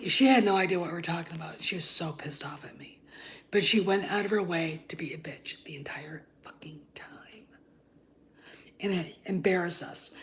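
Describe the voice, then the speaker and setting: Female channel host, lower register, blunt casual rant with lots of profanity. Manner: blunt, heated, swears freely. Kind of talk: casual ranting commentary.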